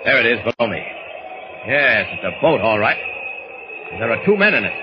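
An actor playing a calm, commanding adult male superhero, steady and reassuring, in 1940s radio acting. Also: mid-range voice, moderate pace, close to an everyday voice. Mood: musing. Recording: hissy dull old radio recording.

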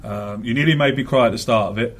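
A man's voice: mid-range voice, quick pace, noisy background. A man hosting a casual football podcast, chatty, with many fillers and the odd swear word. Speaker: podcast host.

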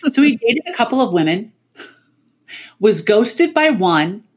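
A middle-aged woman, a podcast guest, telling family stories in casual chat over a remote call, animated and laughing often. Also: on the high side, unhurried, husky. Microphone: remote call mic.

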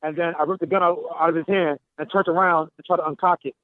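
A man with a slightly high voice and fairly even intonation speaks at a quick pace as he calls a talk show from a gym. He animatedly reenacts a confrontation's dialogue, heard over a dry, tinny phone line.

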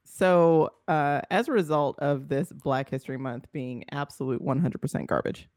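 A woman co-hosting a podcast in casual chat, animated and wry, often trailing off and restarting. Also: low-pitched, normal speed, dry recording, clean studio sound. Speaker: podcast co-host.

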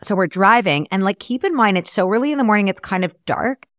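A young woman in mid range tells a story to her listeners, full of "like" and quick asides. Her voice is close and dry with no room around it. She sounds like a math teacher chatting casually as a podcast host. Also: mid-range voice, animated, fairly bright tone, dry recording. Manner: chatty, filler-heavy retelling with "like".

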